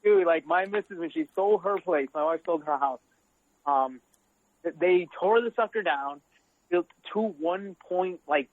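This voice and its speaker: Animated high-voiced podcast guest. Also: male voice, a little slow, no echo, narrow, tinny audio. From South Side of Chicago, USA. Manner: animated, joking, swears casually. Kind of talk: casual podcast chat.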